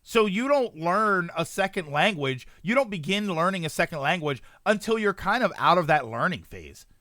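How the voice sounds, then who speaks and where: A man's voice: high voice, sing-song, normal speed, bright, forceful tone, dry recording, studio quality. A man streaming live, chatting casually and rambling as he answers his chat and corrects himself often.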